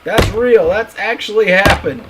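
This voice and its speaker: A man's voice: sits high, unhurried, noisy background. A man streaming, ranting bluntly and crudely in a casual, repetitive way.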